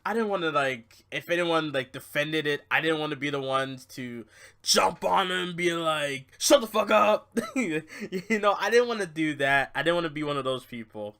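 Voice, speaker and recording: High, bright-voiced young man ranting casually. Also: smooth. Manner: animated, swings between muttering and loud outbursts, swears. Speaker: wrestling show reviewer. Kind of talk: casual rant review.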